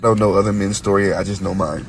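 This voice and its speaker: A man's voice: deep voice, steady tone, fast, slight background noise. A man telling a blunt, heartfelt story from his own childhood, his voice congested. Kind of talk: personal storytelling.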